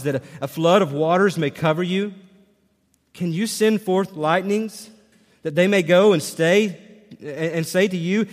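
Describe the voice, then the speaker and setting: A male pastor delivers a sermon with a somewhat high voice, animated and full of rhetorical questions. He moves into reading a long scripture passage aloud. The sound carries a long reverb, as in a large hall.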